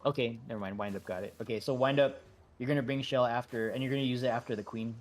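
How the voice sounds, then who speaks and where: A man leading a game raid over voice chat, talking in a relaxed, halting way with many fillers and restarts. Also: mid-range voice. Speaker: raid leader.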